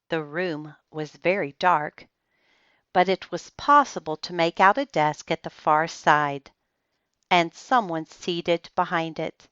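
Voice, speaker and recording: Slow, expressive woman reading a storybook. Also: sits low, clear, resonant tone, no echo, highs cut off. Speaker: children's book reader. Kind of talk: reading aloud a children's book.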